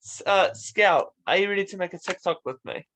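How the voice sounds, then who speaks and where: A man's voice: sits high, fairly quick. A young man, hosting a casual, easygoing interview chat. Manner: easygoing, relaxed, laid-back. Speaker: host.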